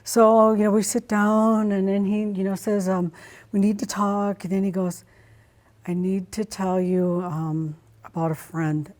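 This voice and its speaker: A middle-aged woman speaks as an interview guest, telling a personal story. Her voice sits at an ordinary pitch for a woman. She is expressive and animated, acting out her own reactions as she goes. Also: unhurried.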